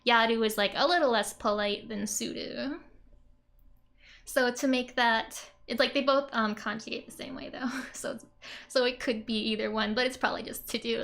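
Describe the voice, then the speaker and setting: A woman's voice: fairly high pitch, a bit bright. A woman explaining Japanese grammar in a casual lesson, chatty and giggly, with many "like" and "um" fillers. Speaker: Japanese language teacher.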